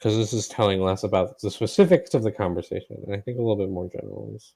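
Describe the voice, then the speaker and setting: A man running a tabletop game as game master. He describes scenes in a relaxed way with many hesitations. His voice is low, dark and gravelly. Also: fast.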